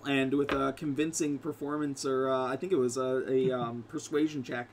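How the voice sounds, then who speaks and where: A man's voice: medium pitch, flat delivery, normal speed, slight background noise. A man narrating as game master in a casual, rambling way with frequent fillers and restarts.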